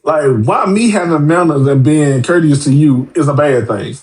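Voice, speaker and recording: With a fairly high-pitched voice at normal speed, this man appears as a podcast guest. He tells stories bluntly and with profanity, animated throughout, imitating the voices of the people he quotes.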